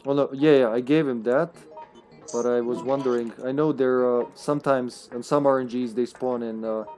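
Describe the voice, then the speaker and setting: A man commenting on a live co-op survival game stream, talking casually with plenty of swearing. His voice sits at an ordinary pitch, and he now and then bursts into loud, high laughter. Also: fairly even intonation, moderate pace, faint music behind. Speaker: streamer playing co-op.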